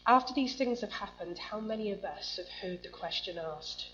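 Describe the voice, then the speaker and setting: A woman's voice: medium pitch, moderate pace, fairly bright tone. A woman preaching a sermon to a congregation, reading scripture and asking the room questions in a conversational way. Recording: muffled lo-fi recording with faint hum.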